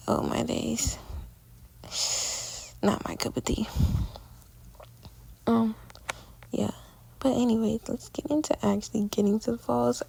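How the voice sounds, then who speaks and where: A woman's voice: fairly high pitch, creaky, darkish tone, slightly rough, poor audio. An eighteen-year-old woman narrating a casual travel vlog in a chatty, slangy storytelling way. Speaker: vlogger.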